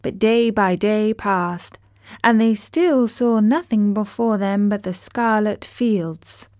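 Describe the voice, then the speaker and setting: A woman reading a children's storybook aloud in a measured, gentle way. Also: medium pitch, no echo, clean studio sound. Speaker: narrator.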